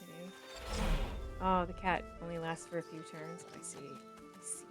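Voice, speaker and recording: A middle-aged woman streaming a video game, chatting excitably and swearing freely as she plays. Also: on the low side, unhurried, over music. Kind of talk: casual game-streaming commentary.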